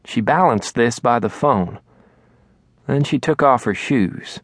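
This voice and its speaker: Guy reading a kids story out loud, calm even voice, mid pitch, dry recording. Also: slow, no room sound. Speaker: audiobook narrator. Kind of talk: scripted narration. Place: recording studio.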